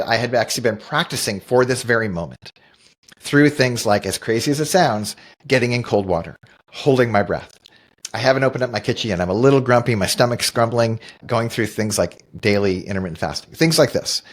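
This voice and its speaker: A middle-aged man co-hosting a podcast, telling a personal story in an earnest, reflective way and often restarting his sentences. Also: medium pitch. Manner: earnest, thoughtful, with frequent restarts. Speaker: podcast co-host. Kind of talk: reflective storytelling in casual conversation.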